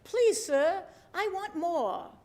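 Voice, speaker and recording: Pleading little orphan boy asking for more, fake english accent, highish voice, as a lady preacher puts him on. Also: lively intonation, slow, mellow, exaggerated voice. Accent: attempted English accent. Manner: begging, pleading, repeated please.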